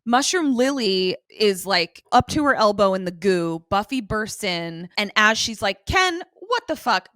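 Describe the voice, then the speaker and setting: A woman co-hosting a podcast, recapping an episode in casual, animated chat with profane asides. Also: medium pitch, measured pace, few pauses, dry recording. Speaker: podcast co-host.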